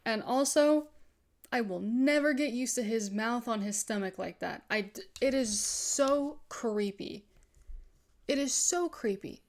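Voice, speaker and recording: A woman's voice: on the high side, a little slow. A young woman streaming a video game, chatting animatedly with her viewers and reacting to the story. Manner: animated, chatty, reads game text aloud. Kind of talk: live gaming commentary.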